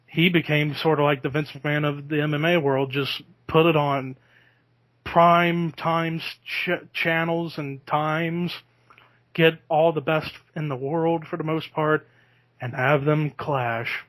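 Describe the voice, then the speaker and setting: A man's voice: on the high side, fairly bright tone, no echo. A man hosting a podcast in casual chat, talking easily and breaking into laughter. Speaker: podcast host.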